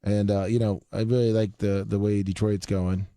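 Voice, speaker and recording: A man's voice: lowish voice, level tone, normal speed, warm tone, no echo. A man co-hosting a casual sports show, teasing his co-hosts while making his football picks.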